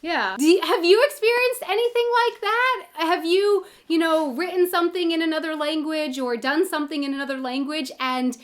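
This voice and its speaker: A woman's voice: very high voice, moderate pace, hardly any pauses, no echo. A young woman from the United States vlogging outdoors into a handheld camera, chatty and a little self-conscious, laughing often. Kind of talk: casual vlog talk to camera. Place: outdoors in public.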